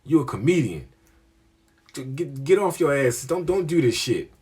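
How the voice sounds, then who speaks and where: A man's voice: medium pitch, big pitch swings, a little slow, a little mellow, breathy edge, voice pushed up, heavily acted. A man voicing a blunt older man in his sixties who scolds and repeats himself insistently. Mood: scolding. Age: 60s.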